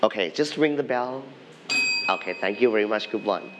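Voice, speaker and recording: A man's voice: fairly low pitch, normal speed, lo-fi sound. A man teaching an English vocabulary lesson to a class, patiently repeating words for the students to echo.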